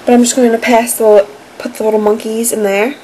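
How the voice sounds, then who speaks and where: A bubbly teenage girl talking straight to her camera at home, in a slightly high voice that is full of "like" fillers. A faint hum of room noise sits behind her. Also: level tone, brisk, warm tone, rough recording. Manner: bubbly, chatty, lots of "like" fillers. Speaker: vlogger. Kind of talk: casual vlog chat.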